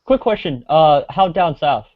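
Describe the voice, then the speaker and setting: A man from Alabama speaks as a guest on a podcast and often stops to correct himself. His voice is slightly high and moves a lot in pitch. The recording is dull and lo-fi. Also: lively intonation, a little slow, no echo. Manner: hesitant, self-correcting. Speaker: podcast guest, comic creator. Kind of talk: casual chat.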